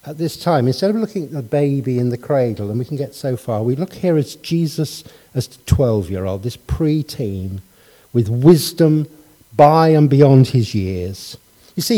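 A man's voice: medium pitch, warm tone. A middle-aged man preaching a sermon, telling a family story and asking his congregation rhetorical questions in a conversational way.

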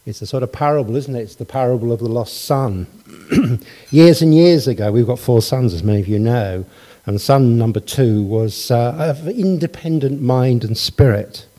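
Middle-aged guy preaching, warm mellow voice, chatty, keeps asking the church questions. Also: mid-range voice, normal speed. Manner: conversational, asks the congregation rhetorical questions. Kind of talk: sermon with personal story.

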